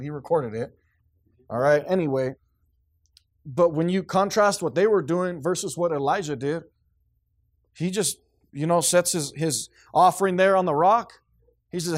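A man delivers a sermon from the pulpit with a fairly high voice. He preaches emphatically, often restarting his sentences. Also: moderate pace. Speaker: pastor.

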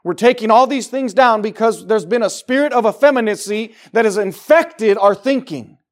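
A man preaching from the pulpit in a fairly high voice. He drives his points hard, then drops low and quiet before building back up. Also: moderate pace. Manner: emphatic preaching, swinging from loud declarations to low, quiet asides. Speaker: pastor. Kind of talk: sermon. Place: church.

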